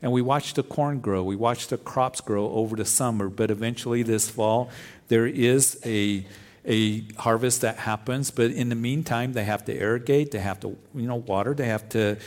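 A man's voice: medium pitch, moderate pace, a little mellow. A man, a pastor preaching a sermon with scripture readings in an earnest, plain-spoken way.

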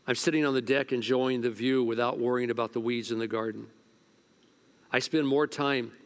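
A male pastor preaching a sermon at a church service, telling stories, sometimes hushed and sometimes loud. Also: mid-range voice, smooth.

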